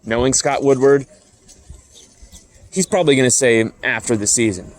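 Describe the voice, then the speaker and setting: A man with a middle-pitched voice hosts an opinionated sports commentary. He talks bluntly and heatedly, with casual profanity, and keeps repeating his points to drive them home. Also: moderate pace.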